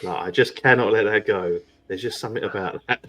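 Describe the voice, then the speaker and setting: A man's voice: fairly low pitch, fairly quick, fairly bright tone, slight background noise. A man playing in a tabletop game, chatting casually with laughing asides. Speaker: player.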